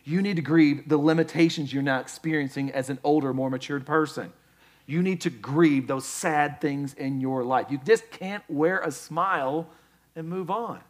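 Casting: male pastor, slightly high voice, lively conversational sermon delivery. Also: moderate pace. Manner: conversational and animated, jumps to high, loud quoted voices.

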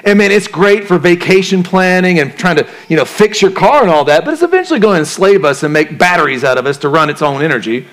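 This pastor preaches like he's chatting, firing questions at the congregation and mixing slang and jokes into the lesson. His voice sits a bit high for a man, and he's expressive, quick, and rarely pauses.

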